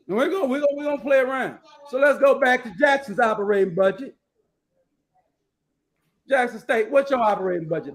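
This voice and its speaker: A man with a high-pitched voice hosts casual live commentary, talking bluntly and swearing freely. He rambles along as he reads numbers and definitions aloud from his screen. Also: normal speed, pauses often. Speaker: host.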